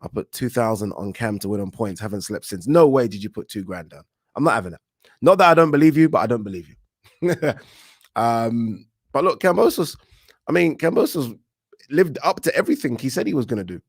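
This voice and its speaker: A man hosting a casual livestream, reading out viewer comments and giving animated, opinionated takes with frequent restarts. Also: mid-range voice, a little fast, husky, dry recording, studio quality. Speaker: boxing channel host.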